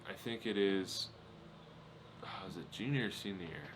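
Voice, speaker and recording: A man's voice: low voice, animated, moderate pace, noisy background. A young man in his twenties hosting a solo podcast, rambling through casual stories with lots of fillers and laughs. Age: 20s. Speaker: podcast host.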